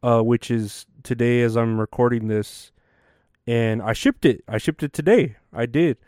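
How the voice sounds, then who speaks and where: A man's voice: medium pitch, a little slow, darkish tone, no room sound, studio quality. A young man hosting a show, rambling casually and cursing often between laughs. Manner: profane, chatty, laughs often. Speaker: podcast host.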